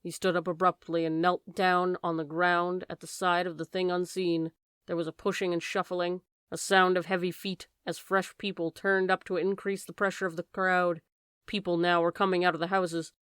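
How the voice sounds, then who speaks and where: A woman narrating a classic science fiction novel as an audiobook, reading dramatically and raising her voice for shouted lines. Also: fairly low pitch, little pitch movement, normal speed, smooth, no room sound, studio quality. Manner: raises voice sharply for shouted lines.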